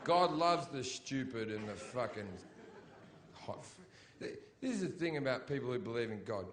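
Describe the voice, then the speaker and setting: A man doing a stand-up routine before a live audience, profane and mocking, building up to shouted rants. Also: mid-range voice, animated, moderate pace. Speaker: stand-up comedian.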